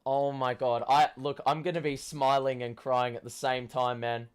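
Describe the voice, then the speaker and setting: A young man, hoarse from shouting, gives a live fan commentary of a football match, swearing and yelling at the play. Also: mid-range voice, flat delivery, moderate pace. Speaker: watchalong host.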